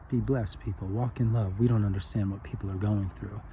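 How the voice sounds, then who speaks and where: A man's voice: lowish voice, steady tone, a little fast, few pauses, warm tone, slight background noise. A man telling a spiritual story outdoors in an earnest, heartfelt way.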